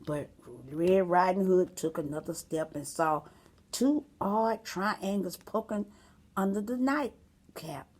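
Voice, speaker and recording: A woman reading a storybook aloud for children, expressive and asking the listener questions. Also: lowish voice, slow.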